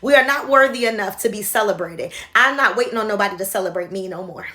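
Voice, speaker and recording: A woman in her forties giving a passionate motivational talk to her phone camera, swinging between shouting and soft confiding. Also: medium pitch, lively intonation, fast talker. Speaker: motivational vlogger. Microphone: handheld phone camera.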